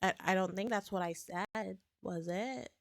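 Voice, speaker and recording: A woman's voice: medium pitch, measured pace, gravelly, no echo, clean studio sound. A young woman chatting casually on a livestream, rambling, joking at her own expense and laughing often. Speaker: streamer.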